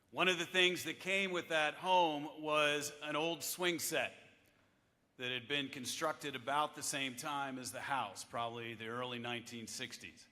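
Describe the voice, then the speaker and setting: A man in his fifties, a chaplain giving a devotional address to lawmakers in a wry, measured storytelling manner, at a podium microphone in a large chamber. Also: mid-range voice, pushed and bright. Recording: echoey hall with long reverb.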